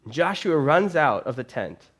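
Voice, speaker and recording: Preach as a male pastor in a church, telling the story with lively, casual energy, your voice rising and falling as the scene heats up. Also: fairly high pitch, measured pace. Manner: animated storytelling, casual phrasing. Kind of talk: sermon.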